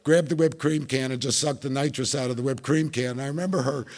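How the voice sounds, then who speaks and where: A man's voice: mid-range voice, steady tone, fast talker. A middle-aged man from New Jersey with a New Jersey accent, telling his recovery story at a meeting with wry, self-mocking humor. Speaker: speaker sharing recovery story.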